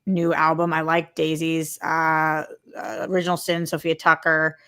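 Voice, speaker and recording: A woman's voice: low-pitched, completely flat delivery, moderate pace, pushed and bright, smooth, dry recording, studio quality. A woman co-hosting a casual show, chatting about music and television. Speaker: co-host. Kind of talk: casual chat.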